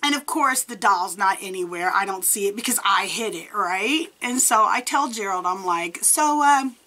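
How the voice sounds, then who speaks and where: Woman, 40s, storytime vlogger; lively, acts out the dialogue, tense bright tone. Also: mid-range voice, normal speed. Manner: animated, acts out quoted dialogue, laughs often. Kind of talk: casual paranormal storytime.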